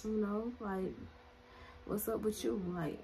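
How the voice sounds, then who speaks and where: A woman voicing a creepy grown man at a gas station, stammering low, quiet pickup lines. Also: slow, creaky, a little hiss or hum. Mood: sleazy. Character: creepy adult man hitting on a girl.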